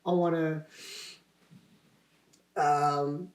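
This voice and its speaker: Extremely slow and on the high side with little pitch movement, this young man's voice belongs to an actor guesting on a podcast. He talks casually, rambling and self-deprecating, often laughing and starting sentences over, amid a roomy echo.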